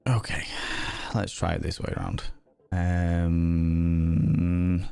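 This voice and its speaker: A man's voice: sits low, very slow, gravelly, smooth. Young male streamer, casual and foul-mouthed, exasperated storyteller, faint background music. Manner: sweary, exasperated, animated storytelling. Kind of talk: casual live-stream chat.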